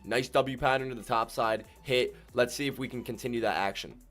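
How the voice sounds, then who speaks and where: A man hosts a live day-trading stream, his voice at a middling pitch. He talks in loose slang, keeps calling out to his viewers, and veers from low calm muttering to sudden loud whoops. Faint music plays softly behind him. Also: brisk. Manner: slangy, keeps addressing viewers as ladies and gentlemen.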